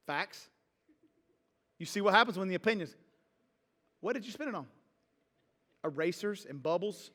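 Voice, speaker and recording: Male pastor, high bright voice, conversational sermon storytelling in a long-reverb church hall. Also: moderate pace, pauses often. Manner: conversational, animated storytelling with a call-and-response feel. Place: church sanctuary.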